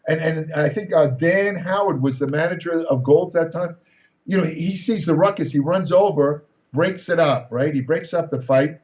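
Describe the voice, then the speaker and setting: An older man in his sixties tells a long anecdote, rambling and doubling back on his words, in a fairly high voice. He sounds far from the mic in a roomy space, on a dull, muffled recording. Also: moderate pace, a little mellow. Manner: rambling storyteller with many restarts. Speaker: podcast guest. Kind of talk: casual anecdote telling.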